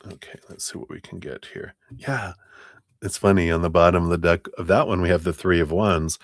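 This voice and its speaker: A man with a very low voice gives tarot readings on a live stream, talking in a chatty, meandering way and laughing often. The sound is dry and close, with no room around it. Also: fairly even intonation, a little fast, no echo. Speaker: tarot reader.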